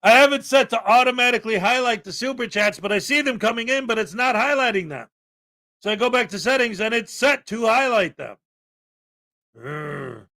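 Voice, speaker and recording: A man's voice: very high-pitched, moderate pace. A man hosting a livestream from his home desk, chatting casually, joking and reading out viewer donations. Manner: playful, joking, sometimes shouting excitedly. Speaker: livestream host. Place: small crammed home desk setup.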